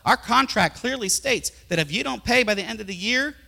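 A harsh, indignant lender, played by a male preacher presses his legal rights loudly. The voice is high, bright and forceful. A long hall reverb trails after each phrase. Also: expressive, normal speed. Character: harsh unforgiving man demanding repayment.

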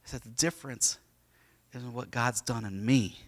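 A man preaching a sermon, moving between quiet storytelling and loud, impassioned preaching. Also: mid-range voice, normal speed. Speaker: pastor.

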